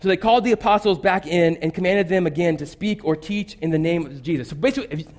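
High-voiced male preacher, chatty sermon. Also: quick pace. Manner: animated, acts out quotes in shifting voices; loose and chatty, with fillers like "like" and "basically". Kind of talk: conversational sermon.

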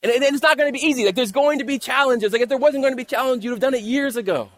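A man's voice: very high-pitched, very fast. A man preaching a sermon at a church service, reading scripture and then explaining it step by step in a conversational way. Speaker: pastor.

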